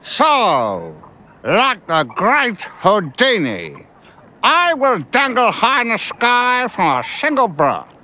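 A man's voice: sits high, huge pitch swings, takes it slowly, bright, forceful tone, slight background noise, full character voice, low-quality recording. An actor playing a pompous male magician who speaks grandly and theatrically. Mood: grandiose.

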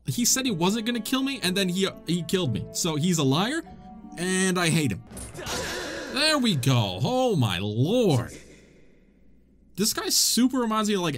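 A man giving excitable, self-mocking let's play commentary, laughing often at his own mistakes, with game music in the background. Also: on the high side. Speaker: gamer, channel host.

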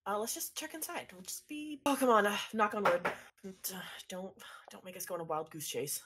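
A woman's voice: mid-range voice, a little fast, fairly bright tone, slightly rough. A woman playing her character in a tabletop game, giggly and rambling. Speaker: player. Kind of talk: tabletop role-play.

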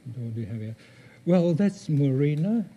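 An older man gives a conference talk over slides, halting, with many pauses and fillers. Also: fairly high pitch, lively intonation, dark tone, dull audio. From former Soviet Union. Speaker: guest speaker.

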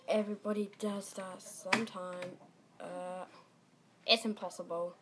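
Young female gamer host, excitable and animated, unhurried delivery, light room hum in the background. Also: medium pitch. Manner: excitable, shrieks and laughs at mishaps. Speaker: gaming channel host. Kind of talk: casual gameplay commentary.

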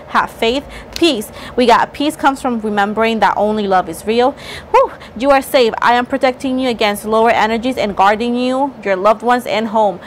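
A woman doing a casual tarot reading to camera, chatty, playful and teasing, getting excited as she goes. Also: on the high side, slight background noise. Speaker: tarot reader.

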